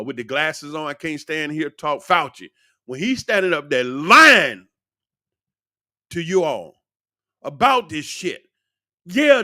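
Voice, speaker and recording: A man's voice: on the high side, no echo, studio quality. Blunt ranting man in his sixties. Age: 60s. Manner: rambling, blunt and profane, with animated bursts. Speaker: commentator. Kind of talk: ranting monologue.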